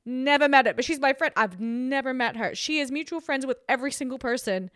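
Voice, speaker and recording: A young Australian woman talks on her own podcast in a loose, rambling way, laughing often and restarting her sentences. Her voice sits fairly high, and the recording is close and dry, with no room sound. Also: brisk, fairly bright tone, smooth, no echo. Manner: chatty, giggly, rambling with restarts. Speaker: podcast host. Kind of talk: casual solo chat.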